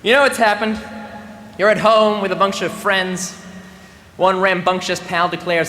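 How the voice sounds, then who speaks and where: Young man delivering a bright comic speech. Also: high voice, fairly even intonation, measured pace, pauses often. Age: 20s. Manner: mock-serious comic delivery, playing to a laughing crowd. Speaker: graduating student speaker. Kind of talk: humorous ceremonial speech. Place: large ceremony venue. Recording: reverberant venue with faint background noise.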